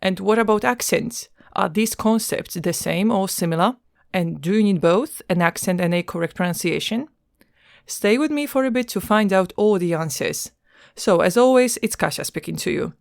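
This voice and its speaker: A woman's voice: mid-range voice, expressive, normal speed, creaky, no echo, clean studio sound. A woman hosting a language-learning podcast, reading a scripted intro that puts a string of questions to the listener. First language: Polish. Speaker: podcast host.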